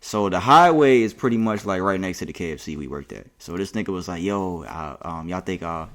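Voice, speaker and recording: A man's voice: low voice, fairly quick. Young guy on a podcast telling a story, voice jumps all over, cussing a lot. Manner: animated, swears a lot, acts out quotes. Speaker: podcast co-host. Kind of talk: casual storytelling chat.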